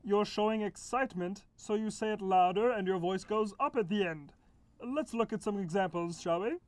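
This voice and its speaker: A woman voicing a calm, patient punctuation character in a children's educational skit, explaining and humming thoughtfully. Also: mid-range voice, normal speed, slight background noise, natural voice.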